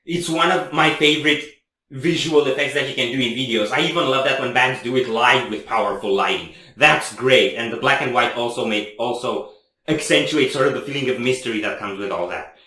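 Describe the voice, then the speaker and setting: Excited man chatting in an echoey room. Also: medium pitch, fairly quick. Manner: enthusiastic, chatty, rambling. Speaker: music reaction host. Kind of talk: casual reaction chat.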